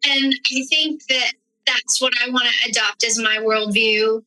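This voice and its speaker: Woman guest on a studio podcast, high, very bright tone, reflective storyteller. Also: steady tone, measured pace, rough recording. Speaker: actress, writer and director guest. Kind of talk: podcast interview.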